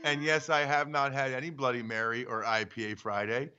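A man co-hosting a casual sports show from home, teasing and animated, acting out little bits. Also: mid-range voice, brisk, clear, resonant tone. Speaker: co-host. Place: home studio. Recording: dull lo-fi remote audio.

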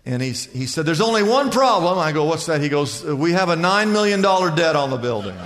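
Pastor telling a story in a reverberant hall. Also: male voice, fairly high pitch, brisk. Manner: animated storytelling, voicing other people in anecdotes. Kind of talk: sermon storytelling.

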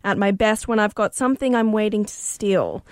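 A woman's voice: medium pitch, moderate pace, no room sound, clean studio sound. A woman, a co-host reading song lyrics in a mock newsreader voice on a radio show.

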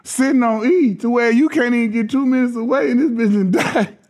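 This LA man talks fast in a very high-pitched voice, swapping relaxed stories as a podcast guest and impersonating the characters in them amid plenty of laughter. He used to play basketball, and the conversation is an easygoing storytelling chat.

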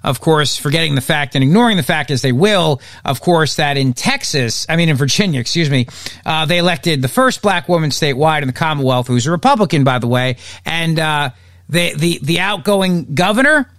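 A man's voice: a little high, expressive, fairly quick, a bit bright, dry recording. A man hosts a political commentary podcast in a slightly raised voice, full of sarcasm and mockery. His delivery is dry and close with no room sound. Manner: sarcastic and mocking. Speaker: podcast host.

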